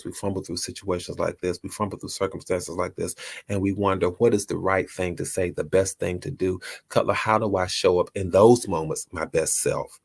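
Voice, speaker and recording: Man, earnest motivational talk, repeats lines for emphasis, husky low voice. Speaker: host.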